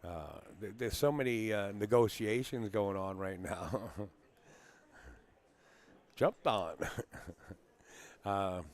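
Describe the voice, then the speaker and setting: Casual stream host, male, deep low voice, rambling chatty delivery. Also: slow pace, pauses often. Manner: chatty, rambling, greets viewers by name. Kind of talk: casual live-stream chat. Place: pool hall.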